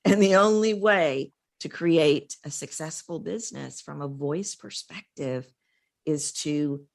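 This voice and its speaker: A woman's voice: low voice, slow, vocal fry. A woman voice coach speaking emphatically as a guest in an interview.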